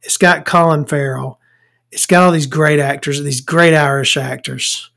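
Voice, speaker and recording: A woman's voice: deep voice, steady tone, a little slow, creaky, fairly bright tone. A woman hosting a podcast, talking in a casual, rambling monologue that is full of swearing and stumbles. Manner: rambling and profane, stumbling over words. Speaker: podcast host.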